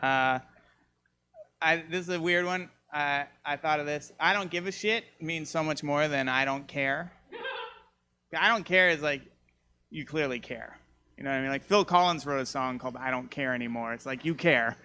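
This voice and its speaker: A man performing stand-up in front of a live crowd, with a very bright, cutting tone and a slightly high voice. He tells self-mocking stories in a rambling way, often leaping up in pitch for punchlines. Faint room noise sits behind him. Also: moderate pace. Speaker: stand-up comedian. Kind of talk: stand-up comedy set. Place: comedy show, live audience.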